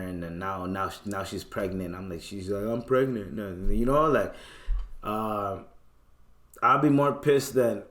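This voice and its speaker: A young man with a Toronto accent, hosting a podcast, ranting in a casual, profane storytelling style with sudden loud outbursts. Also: fairly low pitch. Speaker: podcast host.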